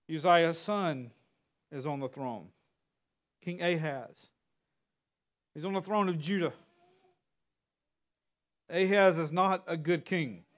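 A man preaching a sermon. He speaks earnestly, sometimes repeats or restarts words, and builds force when he reads scripture aloud. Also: on the high side. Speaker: pastor.

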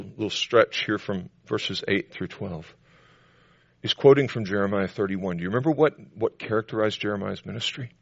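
Gravelly-voiced man preaching emphatically. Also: no echo, dull audio. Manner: preaching with emphatic rises to loud high declarations. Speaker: pastor. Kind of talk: sermon.

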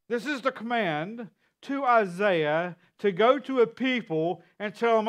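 A man's voice: sits high, expressive, measured pace. A man preaching a sermon. He speaks earnestly, sometimes repeats or restarts words, and builds force when he reads scripture aloud. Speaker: pastor.

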